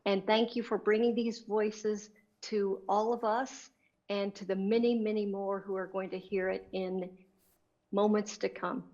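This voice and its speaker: A woman with a mid-range voice offers earnest congratulations in short, gentle phrases. The audio sounds dull and lo-fi. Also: medium pitch. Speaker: guest speaker. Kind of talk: congratulatory speech.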